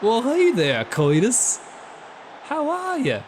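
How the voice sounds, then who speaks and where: An Irishman putting on a goofy high drawling cartoon American. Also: wildly swooping pitch, slow, a little hiss or hum, full character voice.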